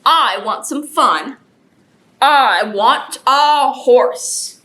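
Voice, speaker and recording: A woman's voice: high-pitched, extremely slow, fairly bright tone, full character voice. A woman voicing a whiny storybook cat. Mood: wanting. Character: small cartoonish male cat, wants a horse. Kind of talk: picture-book read-aloud.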